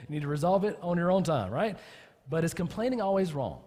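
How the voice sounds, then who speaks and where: A man's voice: a little high, very animated, a little fast, dark tone, in a large hall. A man preaching a sermon as pastor, talking casually with his congregation and building to impassioned emphasis. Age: adult with children. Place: church.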